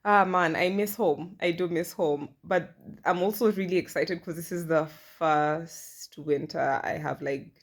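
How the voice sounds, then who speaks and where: A woman in her thirties talking candidly in a personal vlog, chatty and self-deprecating. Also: deep voice. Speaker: vlogger.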